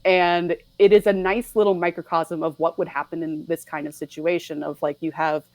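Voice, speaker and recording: Animated woman, lower voice, dry sound. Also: dry recording, low-quality recording. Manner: animated, acts out lines in quick put-on voices, laughs often. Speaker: podcast guest. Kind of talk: casual chat about a film.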